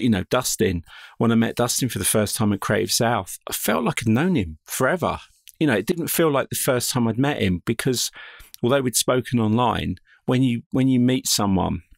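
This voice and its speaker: A man's voice: on the low side, no echo, clean studio sound. A man with an English accent, a podcast guest telling friendly anecdotes in a chatty way. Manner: friendly, anecdotal, self-deprecating. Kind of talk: chatty interview answers.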